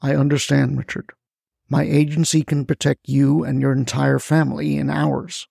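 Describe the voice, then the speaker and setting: A calm, level-headed officer, as a narrator puts him on, measured and even. The voice sounds gravelly and dry, recorded close with no room around it. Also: male voice, on the high side, no echo. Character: man, law officer, steady and level-headed.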